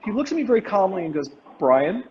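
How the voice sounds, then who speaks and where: A man's voice: high-pitched, big pitch swings, racing, long reverb tail, muffled recording, slight background noise. A man hosting a casual chat over a video call, rambling with many fillers and restarts. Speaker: host.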